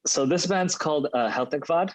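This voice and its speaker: A man's voice: a little high, normal speed, rough recording. A man co-hosting a podcast, chatting casually and rambling through his reviews with frequent restarts. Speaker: podcast co-host.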